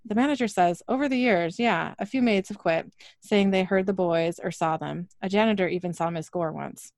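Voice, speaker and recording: A woman co-hosting a podcast, briskly recapping a show's scenes and reading the dialogue aloud, laughing often. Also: mid-range voice, a little mellow, no room sound, clean studio sound. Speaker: podcast co-host recapping episodes. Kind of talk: casual recap with read-out dialogue.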